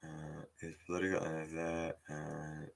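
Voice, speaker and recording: A man's voice: very deep voice, level tone, a little slow, vocal fry. A man hosting a casual live stream, talking bluntly and thinking aloud with fillers as he gives his opinions. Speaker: toy review channel host.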